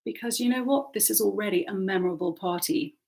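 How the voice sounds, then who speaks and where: A woman's voice: medium pitch, fast talker, creaky, darkish tone, close to an everyday voice. Woman reading as a breezy, joking young man. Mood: jokey. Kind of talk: audiobook character voice.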